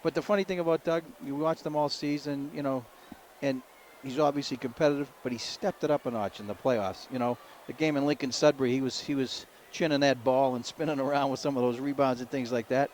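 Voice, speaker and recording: A man giving folksy color commentary on a local high school basketball game, rambling and repeating words, with faint noise behind him. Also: fairly even intonation, a little fast, few pauses, darkish tone.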